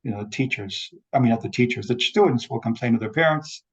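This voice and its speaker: A man giving an academic talk over a video call, measured and explanatory. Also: medium pitch, rough recording. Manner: measured lecturing, quotes examples. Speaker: academic speaker. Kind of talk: online forum talk.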